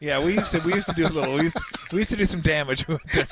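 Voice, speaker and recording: A radio co-host in his fifties talks very fast in a slightly high voice from a radio row booth in a convention hall. Bantering casually, he tells an animated story, repeats himself, and acts out the quotes. Heavy background noise surrounds him.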